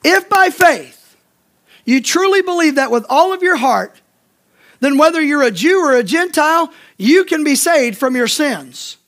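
Man, pastor, very high voice, emphatic sermon, repeats points, questions the congregation. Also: animated, moderate pace, a bit bright. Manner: preaching with emphatic repetition and direct questions to the congregation. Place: church.

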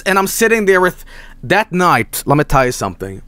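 A young man streaming a game, casually telling a story, cursing a lot and shouting out the voices he quotes. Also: sits high, fairly quick, no room sound. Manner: animated, swearing, mock-shouting quoted voices. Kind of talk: casual storytelling while gaming.

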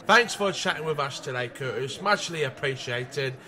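A man playing a sports reporter who interviews a football manager with brisk, chummy questions. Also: mid-range voice, expressive, sharp tone, voice pushed down.

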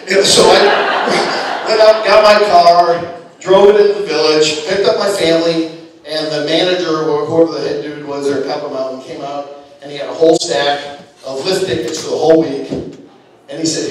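A man in his forties telling a comic story on stage to a live audience, animated and exasperated, swearing freely. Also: on the high side, moderate pace, a crowd in the background. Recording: echoey hall, distant mic, audience laughter.

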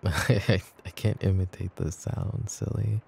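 A clingy, teasing young boyfriend, voiced by a man in a whispered role-play, low and gravelly, close to the mic. He drifts between soft breathy whispers and quiet playful talk, laughing easily. A faint hum of ambience sits behind him. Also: steady tone, measured pace, full character voice. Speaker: ASMR voice actor.

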